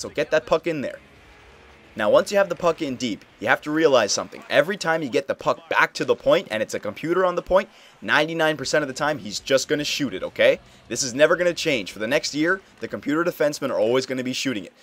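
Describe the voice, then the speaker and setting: A young man hosting a casual game tutorial, explaining plays over footage in a coaching tone and often checking in with "okay?". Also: fairly high pitch. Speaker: video game tutorial host. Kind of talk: casual gameplay tutorial commentary.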